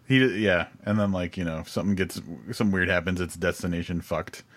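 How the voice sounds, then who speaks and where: A man with a very deep voice chats loosely and jokingly. He swears casually and keeps the talk light and relaxed. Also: normal speed. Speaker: podcast co-host. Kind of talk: casual chat.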